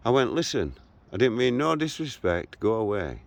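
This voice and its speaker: A gravelly-voiced man in his 60s, a vlogger, walks through a local park and streets outdoors while telling a story about an argument. His mid-range voice keeps a measured pace as he animatedly re-enacts the street argument.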